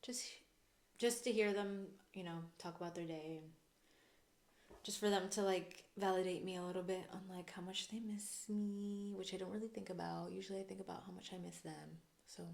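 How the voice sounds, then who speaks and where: A woman co-hosting a podcast in casual chat, telling family stories with warmth and giggles. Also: mid-range voice, fairly even intonation, fairly quick, vocal fry. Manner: warm, giggly storytelling. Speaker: podcast co-host. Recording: echoey room.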